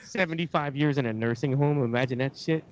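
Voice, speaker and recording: A man's voice: mid-range voice, quick pace, dull audio, a loud crowd. Laid-back, blunt male guest. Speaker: podcast guest. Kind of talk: casual chat.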